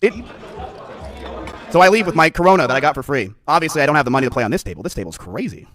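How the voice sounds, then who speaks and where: Fast-talking man telling a story. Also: on the high side, a faint crowd. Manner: animated retelling, heavy cursing, many "like" fillers. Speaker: streamer. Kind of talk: storytelling to a stream audience.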